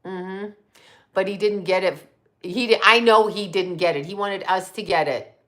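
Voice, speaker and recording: A woman hosting a livestream, telling stories casually, animated, laughing often and swearing freely. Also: medium pitch, moderate pace. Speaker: livestream host.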